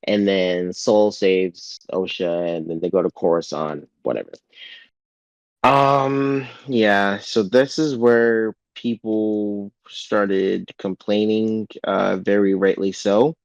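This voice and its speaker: A lower-pitched man talks loosely through a TV episode, stumbling over restarts and filling gaps with "like." He pops his voice up high whenever he quotes someone. The sound is dry and a little dull, as on a home podcast mic. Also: steady tone, slow pace, no room sound. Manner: rambling, full of "like" and restarts, acts out quotes in a raised voice. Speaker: podcast co-host. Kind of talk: casual chat recapping a TV episode.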